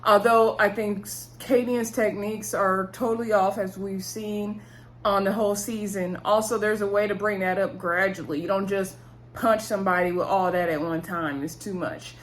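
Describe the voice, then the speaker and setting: A woman's voice: medium pitch, a little fast. A young adult woman recapping a reality show in a casual, gossipy way, laughing and acting out what people said. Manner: gossipy, laughs and acts out quotes.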